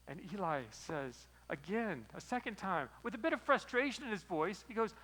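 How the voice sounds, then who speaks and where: A man as pastor preaching a sermon, retelling a story in a lively, storytelling way. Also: sits high, a little fast, poor audio.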